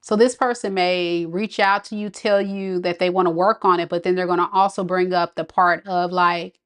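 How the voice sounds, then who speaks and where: A woman's voice: on the low side, fairly even intonation, moderate pace. A woman giving a live tarot reading, talking casually and reacting to viewer comments. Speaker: tarot reader.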